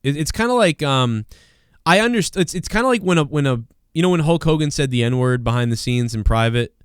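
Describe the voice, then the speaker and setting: Smooth-voiced man hosting a rambling live show. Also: on the high side, animated, a little fast, no room sound, clean studio sound. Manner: rambling, joking, slangy. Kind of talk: casual live-stream chat.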